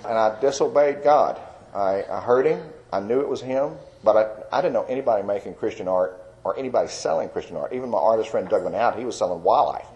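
A man's voice: lowish voice, expressive, fast talker, a little mellow, lo-fi sound. An older man tells his faith testimony in a folksy, rambling way, full of fillers. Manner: folksy storyteller with many fillers. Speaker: Christian artist telling his testimony. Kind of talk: personal testimony.

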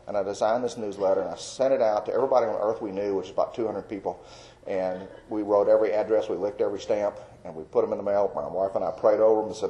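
A middle-aged man from Texas shares his personal testimony in an easygoing, folksy manner. His voice is warm, mellow and on the low side, and he often chuckles and restarts his sentences as he tells the story. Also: fairly even intonation, fast talker, highs cut off. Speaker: Christian artist giving testimony.

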